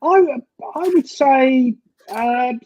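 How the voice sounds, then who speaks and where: A woman's voice: sits high, extremely slow, mellow, rough recording. A woman co-hosting a football reaction stream, chatting casually with dry, teasing banter. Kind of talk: casual live match reaction chat.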